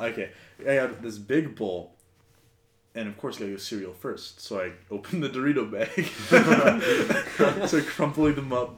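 Young man rambling through a story. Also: on the low side. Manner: rambling storyteller, laughs through his own anecdotes. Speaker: podcast host. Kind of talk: casual chat. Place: home room, one shared mic. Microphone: single shared mic on a laptop. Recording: roomy home recording.

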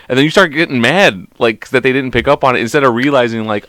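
A man hosting a podcast in casual chat, animated and profane, often mimicking other people's voices. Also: medium pitch, quick pace, hardly any pauses, dry recording. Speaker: podcast host.

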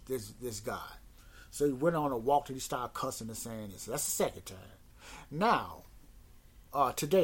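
A man with a husky, mid-pitched voice talks through a casual rant on his own podcast. He rambles and repeats words, sounding exasperated as he goes. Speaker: podcast host.

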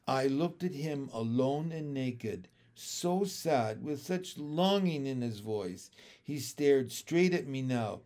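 A male narrator reads a storybook chapter aloud at an unhurried pace. His voice sits a little high and moves a great deal, giving each sentence an expressive lift.

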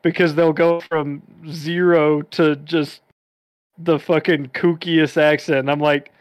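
Casting: man, fairly high voice, rambly and self-mocking, dry close sound. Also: flat delivery, slow pace, smooth, no echo. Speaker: podcast co-host. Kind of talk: casual chat.

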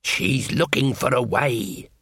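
A man's voice: mid-range voice, slow pace, gravelly, fairly bright tone, breathy edge, no room sound, studio quality, full character voice. A man voicing a stern, proud old woman witch in an audiobook, curt and firm. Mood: uneasy. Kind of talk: audiobook reading.

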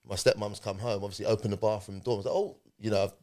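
Low-voiced man telling his story. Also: fast talker. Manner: animated retelling, acting out quoted speech. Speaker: podcast guest. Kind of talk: personal storytelling in conversation.

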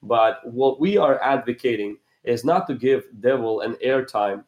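A man's voice: medium pitch, normal speed, a little mellow, roomy sound, muffled recording. A male pastor speaking as a guest, building emphatic points in an earnest preaching style.

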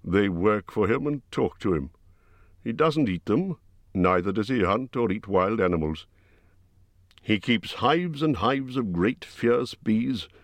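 A man's voice: lowish voice, no echo. A man voicing an old male wizard who is stern, testy and lecturing.

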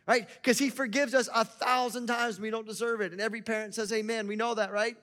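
A man's voice: extremely high pitch, steady tone, fast, hardly any pauses, a bit bright. A male pastor preaching a sermon in a conversational way, asking the congregation rhetorical questions.

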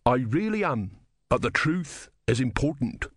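A man's voice: medium pitch, big pitch swings, measured pace, slightly rough, dry recording, studio quality. A man voicing a stern male army sergeant who speaks in a firm, clipped, commanding way. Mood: regretful.

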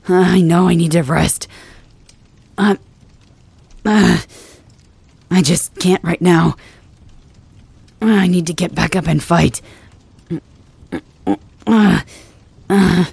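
A performer voicing a stubborn, wounded young male dragon king in an ASMR role-play, gruff and brusque, swearing through the pain. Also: medium pitch, drawn-out words, pauses often, darkish tone, no room sound, exaggerated voice.

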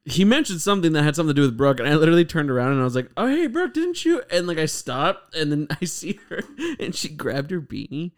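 This young male co-host talks fast with few pauses, his voice fairly high and clean. In casual podcast banter he spins animated stories, laughing frequently and performing quoted lines.

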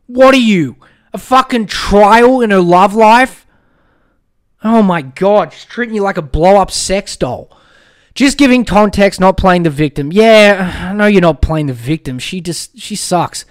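A young man hosting a podcast, giving blunt, sweary advice in casual chat and joking as he reads out a listener's story. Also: sits high. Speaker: podcast host.

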